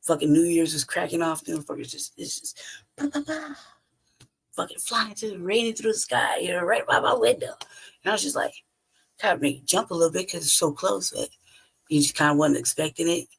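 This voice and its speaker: A man's voice: fairly high pitch, fairly quick, creaky, a bit bright, husky. A man hosting a podcast, telling stories in a blunt, profane, casual way and laughing often between phrases. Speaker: podcast host. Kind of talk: casual storytelling monologue.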